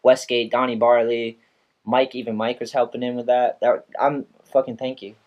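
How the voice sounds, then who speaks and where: Young male podcast host, casual, swears a lot, lively storyteller. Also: medium pitch, normal speed, muffled recording. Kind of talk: casual chat.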